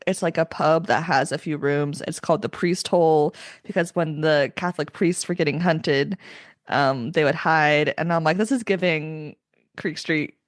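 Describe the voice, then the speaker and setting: A woman's voice: low-pitched, dry recording, studio quality. A young woman hosting a casual book podcast, chatty and opinionated, with lots of "like" fillers. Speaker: podcast host.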